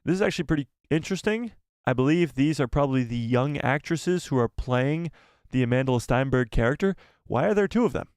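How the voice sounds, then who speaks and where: A man's voice: medium pitch, expressive, a little fast, darkish tone, dry recording, studio quality. A young man hosting a casual live stream from a small home room, chatty and laughing often as he thanks donors.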